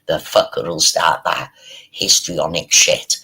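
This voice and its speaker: A man delivers a sweary, mocking commentary in a slow, unhurried way. His voice is husky and gravelly, yet sharp and bright at the front. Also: a bass voice, little pitch movement, low-quality recording. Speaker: streamer. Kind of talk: ranting commentary.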